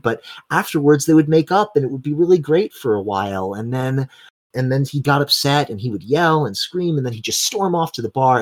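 A man narrates a tabletop game as its game master. His voice has a husky, breathy grain. He tells the scene in long, vivid run-on strings of detail. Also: mid-range voice.

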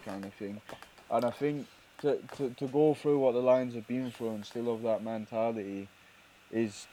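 A man talks sport with co-hosts in an easygoing podcast chat. His voice is dark and mellow, and he restarts and repeats words as he thinks aloud, with faint background noise. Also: medium pitch, fairly even intonation, normal speed, low-quality recording. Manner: thoughtful, stumbles and repeats words. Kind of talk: casual chat.

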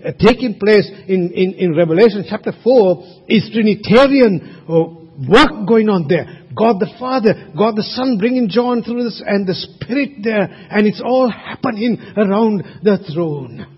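A man's voice: high-pitched, animated, a little slow, hardly any pauses, slightly rough. A man preaching a sermon at a church service, emphatic and asking his congregation rhetorical questions. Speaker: pastor. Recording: reverberant hall, muffled sound.

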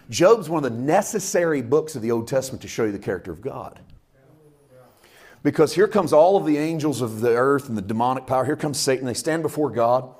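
Animated male preacher with a lively voice. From Canada. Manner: animated preaching with big swings in loudness and pitch, acting out quotes. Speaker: pastor. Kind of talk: sermon.

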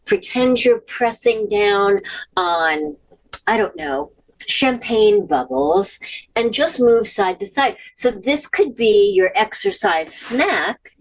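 A woman hosting a casual instructional livestream from home, chatty and encouraging, slowing down when she guides imagery. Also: mid-range voice, expressive. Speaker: wellness host. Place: at home with her dog. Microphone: device camera.

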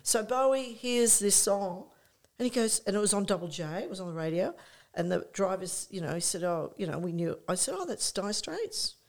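An older woman, a guest in an interview who tells lively stories, acts out her own past thoughts and often says "you know". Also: mid-range voice, fairly quick. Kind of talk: conversational anecdote.

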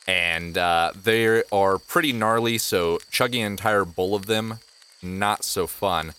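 A man narrating as game master of a tabletop game, in relaxed, playful storytelling. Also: low voice, slow pace, smooth.

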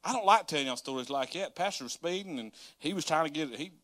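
Bright, lively pastor telling stories. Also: male voice, on the high side, fast talker. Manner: animated, folksy, laughing asides, addresses crowd as y'all. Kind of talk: storytelling sermon.

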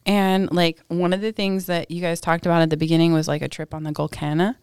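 A woman's voice: lowish voice, flat delivery, fast, a little mellow, clean tone, no room sound, studio quality. A woman from Alaska, a podcast guest, chatting enthusiastically. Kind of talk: casual chat.

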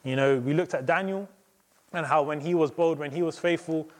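A young man gives a sermon in a relaxed, chatty way, with plenty of "you know" and "um". His voice sits a little higher than most men's. He sounds like a guest speaker talking directly to a congregation. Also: fairly quick. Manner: conversational, many fillers and "you know". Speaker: visiting preacher.

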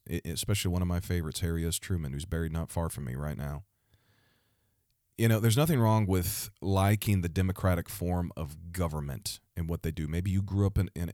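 A man delivering fervent, preachy commentary, repeating himself and building to loud outbursts. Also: sits low, no room sound, studio quality. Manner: fervent, repetitive, with restarts and rising outbursts. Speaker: Christian commentator.

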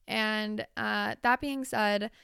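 A woman's voice: medium pitch, fairly even intonation, extremely slow, gravelly, pushed and bright, smooth, no room sound, studio quality. A woman hosting a podcast, talking candidly and confessionally in a chatty way and swearing casually. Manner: chatty, with frequent fillers. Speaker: podcast host. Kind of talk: casual solo podcast monologue.

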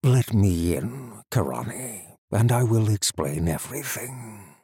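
A man playing a regal, assured villain king who speaks slowly and with calm amusement. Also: on the low side, husky, dry recording, studio quality, exaggerated voice. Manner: slow, measured, amused. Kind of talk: audiobook character voice.

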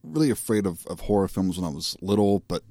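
A man on a podcast chiming in with quick, wry asides in casual chat. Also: sits low, animated, warm tone, dry recording.

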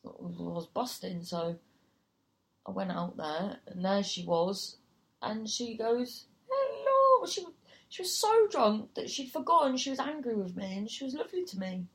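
A woman's voice: medium pitch, expressive, normal speed. A woman comedian telling a gig story casually, swearing freely and acting out other people's voices. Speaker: comedian and compere.

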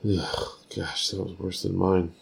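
Deep-voiced teasing man co-host. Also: little pitch movement, vocal fry. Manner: teasing, quick-fire questions. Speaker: podcast co-host. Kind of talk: casual chat.

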